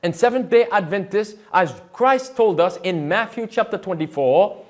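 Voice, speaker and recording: A man's voice: sits high, moderate pace. A man, a pastor, giving emphatic sermon-style commentary on video clips, repeating quotes and firing rhetorical questions.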